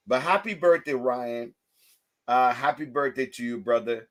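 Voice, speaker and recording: A man hosting a casual livestream chat, telling stories with lively, loud acted-out quotes. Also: mid-range voice, normal speed. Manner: animated storytelling, acts out quotes loudly. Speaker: host.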